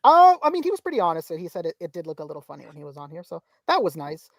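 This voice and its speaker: A woman's voice: fairly low pitch, big pitch swings, rapid-fire, no room sound, studio quality. A woman co-hosting a casual live-stream podcast, reading viewer comments aloud in a chatty way with frequent restarts. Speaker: podcast co-host reading chat.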